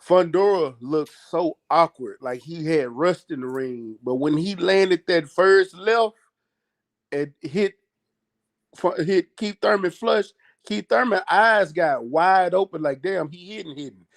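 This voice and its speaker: A man's voice: a little high, slow. A man co-hosting a boxing podcast, talking in a heated, emphatic, slangy way and repeating his points. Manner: emphatic, loud and repetitive, slangy. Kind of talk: heated casual chat.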